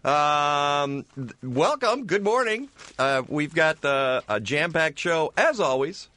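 A man hosting a morning radio talk show, chatting casually and joking with his co-host. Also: on the high side. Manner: lively, halting with fillers and restarts.

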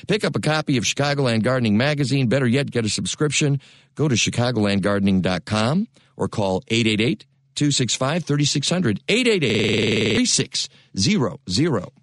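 A man's voice: medium pitch, dry recording. A man hosting a radio gardening show, chatting in a folksy, jokey way and reading sponsor spots into a studio microphone.

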